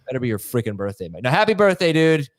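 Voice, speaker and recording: A man's voice: mid-range voice, very animated, no room sound. Guy hosting a live fantasy q&a, voice bouncing up and down, dry close sound. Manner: quick, playful, reads viewer questions. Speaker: show host.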